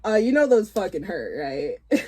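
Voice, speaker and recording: A woman's voice: mid-range voice, wildly swooping pitch, normal speed, a little mellow, slightly rough. A young woman co-hosting a casual chat, telling school stories in a blunt, profane way and laughing often. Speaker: podcast co-host.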